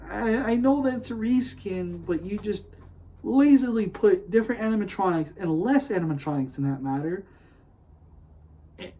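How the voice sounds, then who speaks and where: A man hosting a casual solo podcast, rambling excitedly with lots of "like" and "dude", gushing one moment and griping the next. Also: high voice, poor audio. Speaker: podcast host.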